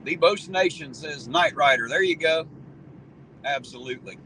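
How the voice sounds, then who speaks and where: A man's voice: a little high, animated, normal speed, bright, forceful tone, a little hiss or hum, low-quality recording. A middle-aged man, hosting a livestream, chatting casually and reminiscing in a folksy, rambling way. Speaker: livestream host reading chat. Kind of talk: casual chat.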